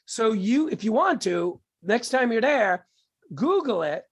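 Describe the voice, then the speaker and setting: A man's voice: sits high, big pitch swings, measured pace, husky. Thoughtful male guest explaining ideas. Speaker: guest, TV producer. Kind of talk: casual interview chat.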